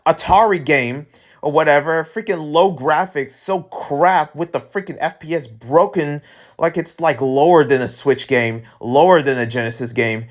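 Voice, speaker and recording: Guy ranting on his podcast, rambly and animated, lots of "like" and restarts. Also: sits high. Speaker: podcast host. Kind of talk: casual solo rant.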